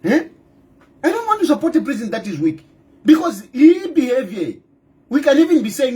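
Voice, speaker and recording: Middle-aged Zambian male politician, very high and swooping voice, hammers rhetorical questions, bursts into shouts. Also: big pitch swings, normal speed. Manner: breaks into loud outbursts. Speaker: opposition party leader. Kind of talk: impassioned political monologue.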